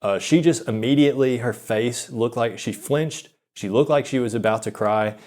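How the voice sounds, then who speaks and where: A young man telling an awkward personal story in a rambling, halting, self-deprecating way, full of restarts and fillers. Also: medium pitch, darkish tone. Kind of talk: confessional storytelling monologue.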